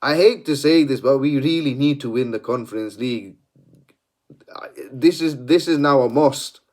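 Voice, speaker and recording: A man's voice: medium pitch, normal speed. A man ranting through a post-match analysis as a fan channel host, exasperated, swearing and repeating himself.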